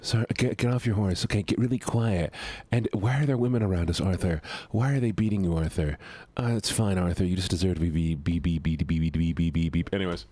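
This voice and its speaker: A male streamer with a low voice gives live gameplay commentary at a fairly quick pace, chatting with viewers. He's excitable and yelps when things go wrong or he gets frustrated. The recording is dry.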